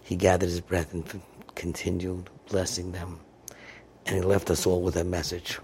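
A man telling a moral story as a sermon, acting out the dialogue with an animated voice. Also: low voice, moderate pace, slight background noise. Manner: animated, dramatizes dialogue with raised voice. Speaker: storyteller and columnist.

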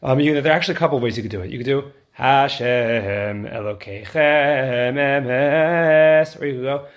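A man teaching how to lead prayer, explaining quickly in plain talk and then chanting the tunes slowly to show them. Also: medium pitch. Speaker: prayer leader instructor. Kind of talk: teaching lesson with chanted demonstrations.

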